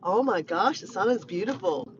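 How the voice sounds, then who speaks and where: A woman, chatting excitedly to viewers on a phone live stream at the beach. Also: medium pitch, normal speed, lo-fi sound, a little hiss or hum. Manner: chatty, excitable, repeats herself. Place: outdoors, driving to and walking at a beach. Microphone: phone held in hand.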